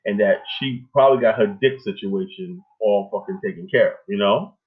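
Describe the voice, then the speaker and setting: A man's voice: fairly low pitch, a little fast. A man hosting a casual talk show, ranting in a rambling, emphatic way with lots of filler tags and plenty of swearing. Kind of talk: casual profane rant. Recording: tinny phone line.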